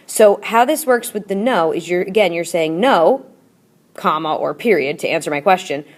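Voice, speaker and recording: A woman's voice: fairly low pitch, a little mellow. A woman teacher in a recorded classroom video lesson, explaining patiently and repeating drills and chants. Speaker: Spanish teacher.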